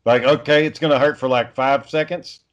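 A man's voice: mid-range voice, steady tone, brisk, lo-fi sound. A father in casual chat, rambling through stories about his kids and swearing freely.

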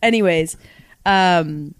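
A woman telling a lively personal story in casual chat, acting out the people she quotes. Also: fairly low pitch, slow pace, smooth, dry recording. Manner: animated, acts out quotes in other voices. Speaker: podcast guest.

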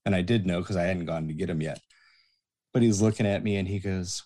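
Pitched low and talking a little quickly, this male guest once worked as a promoter's assistant. He tells a backstage story in a relaxed, storytelling way, lively throughout and voicing each person he quotes.

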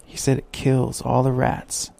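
A man's voice: mid-range voice, normal speed, warm tone. Alice, a man reading a chatty little girl. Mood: eager chatter. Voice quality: creaky, husky. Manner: eager, chatty, earnest. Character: curious polite little girl. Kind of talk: reading a storybook aloud.

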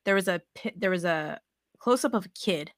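A woman's voice: on the low side, animated, normal speed, dry recording, studio quality. A young woman hosting a casual podcast chat. She swears a lot and acts out her own thoughts as quotes. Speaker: podcast host.

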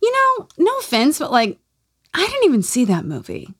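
A woman's voice: sits high, huge pitch swings, moderate pace. A woman hosting a podcast, chatting in a casual, wry way about a book. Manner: conversational, wry. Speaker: podcast host. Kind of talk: casual chat.

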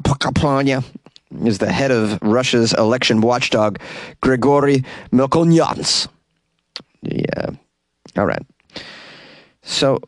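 A man's voice: mid-range voice, no room sound. A man hosting a solo comedy news podcast, rambling, stumbling over foreign names and chuckling at his own jokes, recorded in a closet.

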